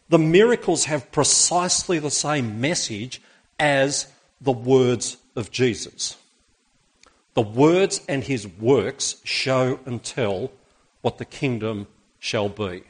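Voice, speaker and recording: Husky-voiced male preacher. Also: medium pitch, expressive, unhurried. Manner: asks the congregation rhetorical questions. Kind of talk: sermon with Bible reading.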